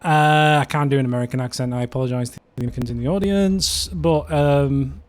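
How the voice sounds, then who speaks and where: A man's voice: mid-range voice, steady tone, fast talker, darkish tone. A man from the UK hosting a casual livestream, chatting in a rambling way with frequent fillers. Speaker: livestream host.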